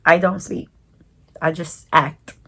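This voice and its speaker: New woman doing a storytime vlog, low husky voice, lots of slang. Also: steady tone, slow pace, bright, forceful tone. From New York. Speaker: vlogger.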